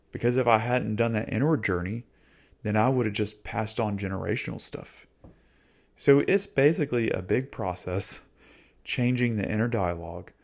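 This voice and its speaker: A man's voice: fairly low pitch, creaky, a little mellow. A man in his forties, a YouTube host, talking casually and reflectively in an easygoing, slangy coaching manner.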